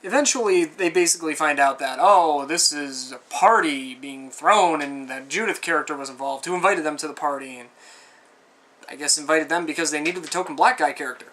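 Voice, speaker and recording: A man's voice: fairly high pitch, brisk, sharp tone. Rambling, exasperated man reviewing a film. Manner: rambling and conversational, with frequent asides; exasperated, sarcastic commentary. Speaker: movie reviewer. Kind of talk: casual film review monologue.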